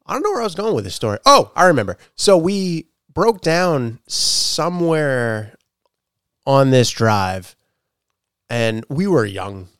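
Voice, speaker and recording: A young man with a Boston-area accent chatting over beers on a podcast. He tells stories with lots of cursing, and his pitch jumps around. His voice sounds close and dry. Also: unhurried, smooth, no echo. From Massachusetts. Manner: animated, profane, laughing storyteller. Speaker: podcast co-host. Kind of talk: casual chat over beers.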